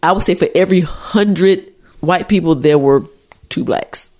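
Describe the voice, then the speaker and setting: A woman co-hosting a podcast in casual chat, talking with a nasal voice from a cold, animated and playful with slangy banter. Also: on the low side, measured pace. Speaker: podcast co-host.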